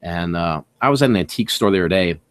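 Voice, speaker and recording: Man, middle-aged, livestream host, lively swooping pitch, dry close sound, excitable, laughs a lot. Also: fast talker, clean tone, no room sound. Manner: excitable, animated storytelling with acted-out reactions; laughs often, swears casually. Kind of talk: casual livestream chat.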